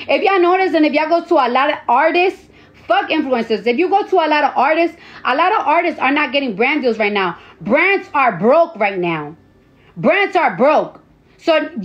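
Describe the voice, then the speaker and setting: A woman in her early thirties on a phone livestream, ranting bluntly and profanely and repeating lines for emphasis. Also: high-pitched. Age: 30s. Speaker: social media personality. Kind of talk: casual livestream rant. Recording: slightly dull lo-fi phone audio.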